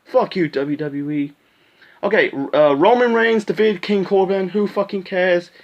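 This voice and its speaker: A man with a high-pitched voice rants through a casual recap, blunt and profane, leaning on "you know" and "man". The recording is a bit dull and lo-fi. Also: a little slow. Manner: blunt, profane, frequent fillers. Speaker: wrestling commentator. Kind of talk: casual show recap rant.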